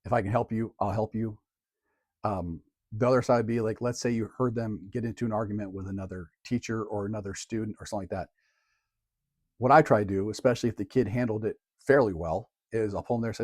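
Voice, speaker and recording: Relaxed male teacher, dry close sound. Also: fairly low pitch, fast talker, no echo. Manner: relaxed and conversational, plain everyday phrasing. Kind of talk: casual how-to talk to camera.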